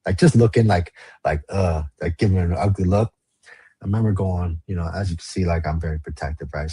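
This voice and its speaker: A man's voice: sits low, fast, dark tone, husky, dry recording. A man from the Los Angeles area, a podcast guest telling his story in casual, slang-heavy, profane talk. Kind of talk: storytelling interview.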